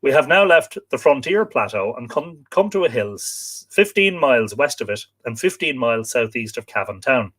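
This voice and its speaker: A man's voice: mid-range voice, sing-song, moderate pace, hardly any pauses, a bit bright. An Irish man hosting a live stream, reading from a book and adding chatty asides for viewers, sometimes spelling out place names. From Ireland.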